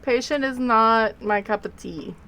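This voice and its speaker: A woman streamer with a slightly high, somewhat bright voice talks a little slowly to her viewers as she plays, heard on a rough recording. Her casual gameplay commentary is rambling and sleepy, with yawns between remarks.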